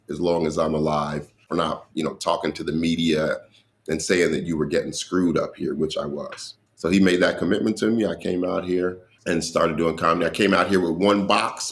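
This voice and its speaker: A man's voice: deep voice, vocal fry. A man, a comedian, telling stories from his career in an interview, acting out the dialogue and laughing. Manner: animated storyteller who acts out dialogue and laughs. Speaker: comedian guest. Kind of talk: storytelling in an interview.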